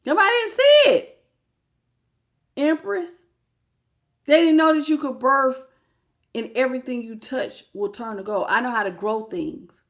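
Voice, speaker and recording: A woman giving a live tarot reading in a casual, animated, slangy way, laughing often and greeting her viewers. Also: fairly high pitch, moderate pace. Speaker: tarot reader.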